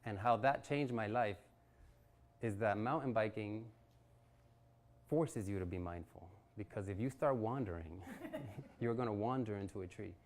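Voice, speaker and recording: A man's voice: lowish voice, a little mellow. A man in his forties telling a personal story at a networking event, acting out quotes and laughing often. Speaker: guest speaker. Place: event venue.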